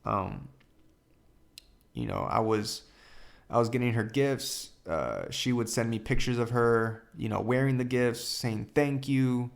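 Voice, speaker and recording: A young man hosting a podcast, retelling a painful family story in a halting way, full of fillers and quoted dialogue. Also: medium pitch, lively intonation, gravelly. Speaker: podcast host. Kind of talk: personal storytelling.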